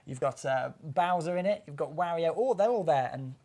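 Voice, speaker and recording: A man co-hosting a TV gaming show, jokey and excitable as he shows off old consoles. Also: a little high, normal speed. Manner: excitable and jokey, laughs often. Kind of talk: enthusiastic studio banter.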